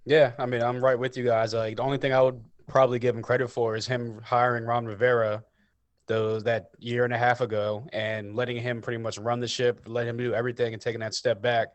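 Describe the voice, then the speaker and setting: A man's voice: medium pitch, level tone, brisk, no room sound, dull audio. Podcast co-host, man, easygoing and agreeable, dry close sound. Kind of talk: casual sports podcast chat.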